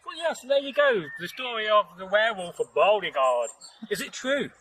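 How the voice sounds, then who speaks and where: Guy telling a folk story outside, highish voice, chatty and jokey, lots of you knows. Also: sing-song, normal speed, a bit bright, a little hiss or hum, poor audio. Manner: chatty and jokey, with frequent "you know" asides and chuckles. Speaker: storyteller host. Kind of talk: rambling casual folktale telling. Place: outdoors in nature.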